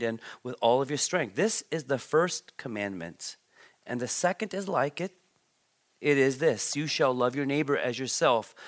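A man preaching a sermon as a pastor, reading scripture and asking the congregation questions, with emphatic bursts and quiet asides. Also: medium pitch. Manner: emphatic, swings between loud stresses and quiet asides, repeats words.

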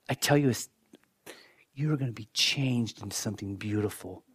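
A man's voice: lowish voice, normal speed, fairly bright tone, slightly rough. Dynamic male pastor preaching a sermon. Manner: dynamic preaching, dropping to near-whispers for emphasis; repeats words as he builds a point.

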